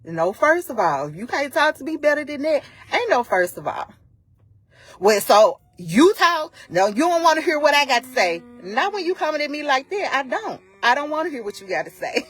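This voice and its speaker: Woman, live-stream vlogger, casual storytelling, emphatic, acts out dialogue, higher voice, dry close sound. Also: very animated, moderate pace, a bit bright, dry recording. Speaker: vlogger retelling a personal incident. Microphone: phone on a live stream.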